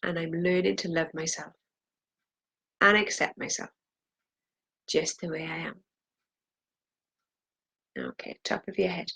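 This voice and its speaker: A woman's voice: low-pitched, steady tone, a little slow, creaky, pauses often, bright, forceful tone, husky. A woman leading a guided tapping session, saying phrases for the viewer to repeat and pressing harder on the angry lines. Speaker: EFT tapping practitioner.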